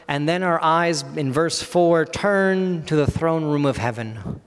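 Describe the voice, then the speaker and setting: A man's voice: fairly high pitch, moderate pace, smooth. Man preaching in a reverberant hall. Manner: earnest expository teaching, acting out quoted voices. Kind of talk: sermon. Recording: long reverb of a large hall.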